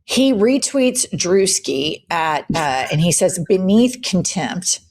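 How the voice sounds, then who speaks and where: A woman's voice: fairly low pitch, very animated, takes it slowly. A woman hosting a political commentary show, talking bluntly, profanely and with heavy emphasis.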